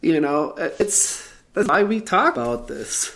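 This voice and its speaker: A woman's voice: sits low, sing-song, measured pace. A woman hosting a casual talk show, speaking earnestly and hesitantly, with frequent fillers and restarts. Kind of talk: casual podcast chat.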